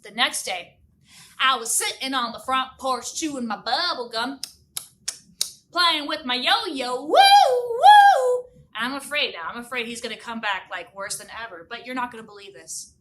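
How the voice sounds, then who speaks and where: A woman telling a silly children's story as a music teacher, animated, with sung sound effects and big exclamations. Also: fairly high pitch, moderate pace, distant mic, a little hiss or hum.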